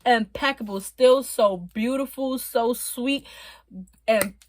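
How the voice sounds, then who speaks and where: A woman tells her viewers stories from her time in prison, casual, animated and profane, laughing often and sometimes tearful. Her voice sits on the high side and she takes it slowly, with a little hiss or hum on the recording.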